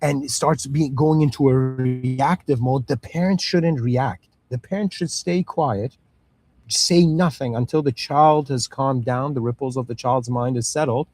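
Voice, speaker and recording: With a medium pitch and darkish tone, this Middle Eastern man in his thirties speaks unhurriedly and with no room sound. His lecture is casual and full of "you know" and "okay," and he voices parents and children as he acts out small dialogues.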